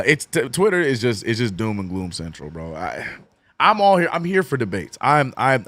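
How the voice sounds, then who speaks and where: A man with a New Orleans accent does fan play-by-play, his voice cracking and worn. He jumps up high and loud for big plays, then drops to low, quick asides to his chat. The sound is dry and close to the mic. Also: no room sound. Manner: swings from excited calls to low, mumbled chat with viewers. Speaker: streamer doing fan play-by-play. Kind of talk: watch-along play-by-play and chat.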